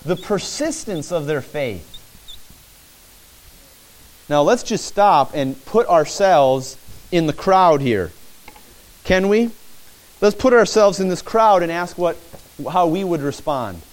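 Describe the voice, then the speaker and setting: Animated high-voiced male preacher. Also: takes it slowly, pauses often. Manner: animated preaching, acting out shouted pleas. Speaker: pastor. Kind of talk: sermon.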